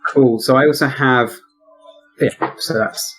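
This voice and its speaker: A mid-pitched man playing a tabletop game. He thinks aloud, hesitating and restarting as he describes what his character does. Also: fairly even intonation, unhurried, a bit bright, rough recording. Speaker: player. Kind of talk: casual tabletop play.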